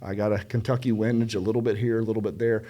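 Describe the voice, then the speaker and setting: A middle-aged man from South Carolina, a podcast guest telling stories in casual conversation, animated and emphatic, acting out the people he quotes. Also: lowish voice, rapid-fire. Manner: animated, acts out quoted dialogue; emphatic, repeats words for stress.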